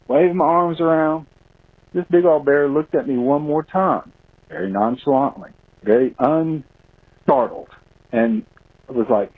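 A man's voice: medium pitch, moderate pace. Man telling a story over a phone line. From Florida, US. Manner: animated storyteller, acts out his shouts. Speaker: caller.

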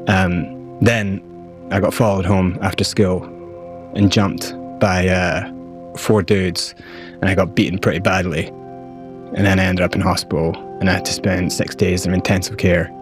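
スコットランド訛りの低めの声の男性. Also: male voice, sits low, little pitch movement, normal speed, over music. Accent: Scottish. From Scotland, raised partly in South Africa. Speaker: interview guest. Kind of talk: personal storytelling in an interview.

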